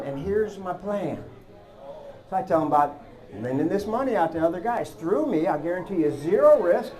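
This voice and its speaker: A man with a high voice tells a story to an audience and slips into the other people's lines as he goes. The delivery is animated and conversational, like a speaker recounting his own past on stage. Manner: animated, acts out both sides of phone calls. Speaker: public speaker. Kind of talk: storytelling presentation.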